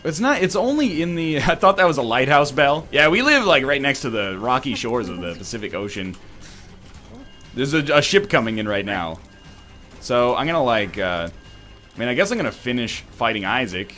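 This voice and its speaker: Wry, lively-voiced man bantering. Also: mid-range voice, normal speed, soft background music. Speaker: let's play host. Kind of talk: casual chat over gameplay. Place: apartment.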